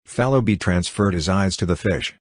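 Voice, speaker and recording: A man narrating an audiobook in a steady, even reading style. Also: low voice, moderate pace, no room sound, clean studio sound. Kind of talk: scripted narration.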